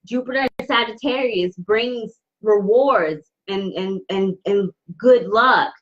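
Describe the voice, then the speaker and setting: A woman giving a live tarot reading, talking slowly with many restarts as she holds back tears. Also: mid-range voice, highs cut off. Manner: warm, emotional, halting with many restarts. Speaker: tarot reader. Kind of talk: live-stream card reading.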